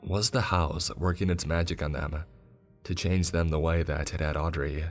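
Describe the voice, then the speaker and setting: A man narrating a horror story in a steady, grave tone. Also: rumbling low, moderate pace. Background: soft music.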